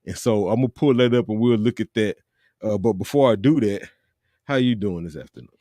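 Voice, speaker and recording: Laid-back podcast host, dry and close. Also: male voice, fairly low pitch, fairly quick, warm tone, dry recording. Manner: laid-back with fillers, stops the guest to check details. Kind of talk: casual podcast hosting.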